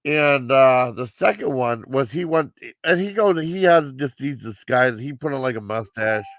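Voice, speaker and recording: A man's voice: medium pitch, lively intonation, normal speed, a bit bright, no echo. A man giving a casual live movie review, rambling with many fillers and restarts.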